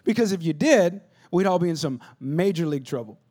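A pastor preaches with a high, light voice. He tells stories with animation, dropping to near hushes and rising to loud bursts. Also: fairly quick. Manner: animated storytelling, jumps between hushed and loud. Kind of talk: sermon.

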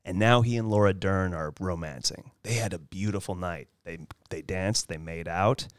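A man with a low, smooth and resonant voice talks casually about a film, slipping into lively little impressions of the scenes. The sound is close and dry. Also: normal speed, dry recording. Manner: animated, acts out film lines in high voices. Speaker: podcast host.

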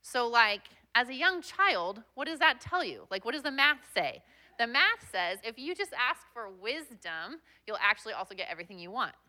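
A woman's voice: fairly high pitch, sing-song, moderate pace, pushed and bright. A young woman guest pastor giving a chatty, self-deprecating sermon with plenty of fillers.

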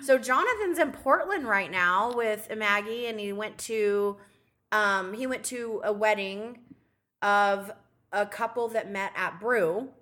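Bright-voiced chatty woman podcaster. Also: medium pitch, slow pace. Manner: chatty storytelling, swears freely, acts out quotes. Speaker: podcast co-host. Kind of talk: casual chat.

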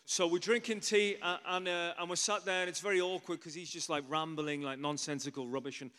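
A man preaching in a loose storytelling way, full of "you know" asides and animated turns. His voice sits fairly high for a man, and the sound rings with a long hall reverb. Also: brisk, clear, resonant tone. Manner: chatty, animated, many asides. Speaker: pastor. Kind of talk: storytelling sermon.

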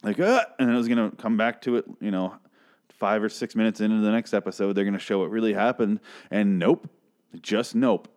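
A man's voice: on the low side, fairly even intonation, brisk, a little mellow. Foul-mouthed, sarcastic man recapping a show. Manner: sarcastic, swears a lot, goes off on tangents. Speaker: TV episode recapper. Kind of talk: casual ranting recap.

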